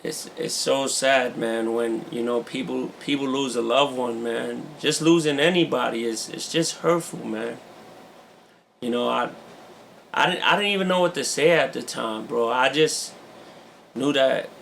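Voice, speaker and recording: Male co-host, gravelly voice, earnest casual delivery, light background noise. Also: mid-range voice, unhurried, a bit bright. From New York. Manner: earnest, peppers talk with "man" and "you know". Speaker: podcast co-host. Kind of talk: casual chat.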